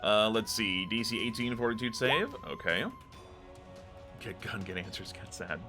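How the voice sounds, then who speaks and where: A man running a tabletop game as game master, relaxed and joking, laughing often. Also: lowish voice, moderate pace, over music.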